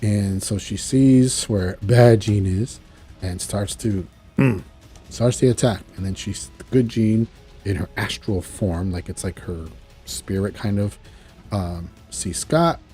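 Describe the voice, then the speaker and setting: With faint music behind him, a man whose voice is on the low side and dark in tone talks slowly through a cartoon episode. As a casual show reviewer, he chats loosely, retells scenes, and performs quotes from it.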